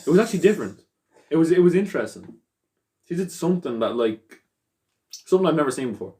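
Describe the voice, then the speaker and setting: A man's voice: on the high side, very animated, quick pace, warm tone. A man co-hosting a wrestling podcast in casual chat, rambling and swearing freely, restarting his sentences. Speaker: podcast co-host.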